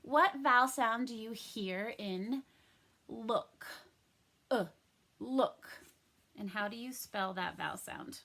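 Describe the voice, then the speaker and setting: A young adult woman teaching a recorded first-grade phonics lesson, cheerful and clearly enunciating each sound. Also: fairly high pitch, pushed and bright, a little hiss or hum. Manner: cheerful, slow and clearly enunciated, sings and plays at pirate sounds.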